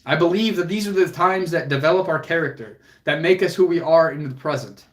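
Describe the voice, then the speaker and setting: Talking slightly fast in a somewhat high voice, a young livestream host who works as a fitness coach addresses his audience head-on. His tone is earnest and motivating, his language casual with swearing, and his emotion comes through clearly.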